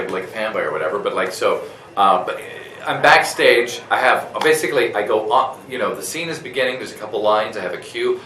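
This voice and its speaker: A man tells a story at a convention, his low voice swinging widely in pitch and staying bright and forceful. He talks animatedly, with lots of fillers and restarts. The sound is roomy and echoey, caught from some distance away. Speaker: voice actor guest. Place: convention room.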